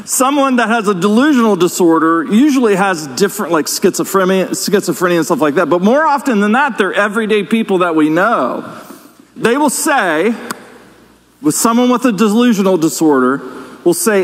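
A man's voice: high voice, lively intonation, normal speed. A man preaching as pastor, conversational, with asides and questions to the congregation. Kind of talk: sermon. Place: church sanctuary. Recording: reverberant church hall.

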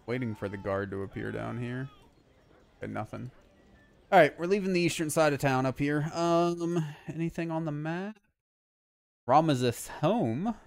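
A man's voice: on the high side, moderate pace, gravelly, dry recording, faint music behind. A man playing a game together with a streamer, chatting laid-back, swearing and laughing. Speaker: streamer's co-op partner. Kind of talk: casual co-op game stream chat.

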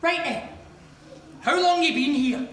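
Man doing a mocking Scottish loudmouth, Scottish accent, sweary, in a roomy space, far from the mic. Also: extremely high pitch, measured pace. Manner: jeering, sweary, shouty. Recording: echoey, distant, noisy.

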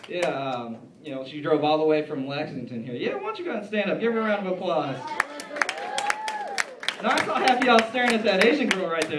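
Young male stand-up, high and animated, rambling delivery, far mic in an echoey club. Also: quick pace, a loud crowd. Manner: rambling, filler-heavy, self-mocking. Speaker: stand-up comedian. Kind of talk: stand-up routine. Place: comedy club stage.

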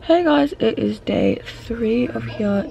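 A young woman from Australia vlogging casually from inside a car, rambling with lots of fillers, her voice a bit rough from just waking up. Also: a little high, lively intonation, slow pace, lo-fi sound, heavy background noise. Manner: chatty, rambling with many "like"s and "um"s. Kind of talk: casual travel vlog chat. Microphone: handheld compact camera.

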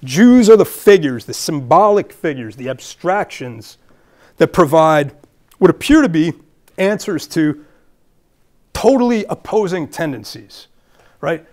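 A man's voice: a little high, animated, measured pace, darkish tone. A man with a Brooklyn accent giving a public lecture as a guest speaker, earnest and thinking aloud with fillers and restarts.

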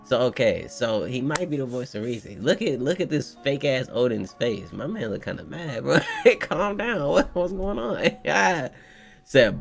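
A young man hosting a casual manga reaction, excitable, slangy and profane as he riffs to his viewers. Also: medium pitch, normal speed, creaky, faint music behind. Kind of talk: casual live reaction commentary.

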